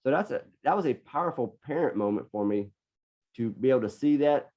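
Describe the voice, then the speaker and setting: A man's voice: mid-range voice, lively intonation, fairly quick, darkish tone. A middle-aged man, a podcast guest, telling a personal story in an earnest way and often repeating words as he gathers his thoughts. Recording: dull lo-fi podcast audio.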